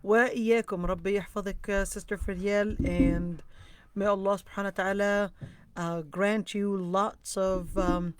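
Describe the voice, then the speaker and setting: Lively woman teacher telling a story. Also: medium pitch, moderate pace, smooth. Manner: lively storyteller, acts out quoted dialogue. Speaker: Islamic teacher leading an online class. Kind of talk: storytelling lesson.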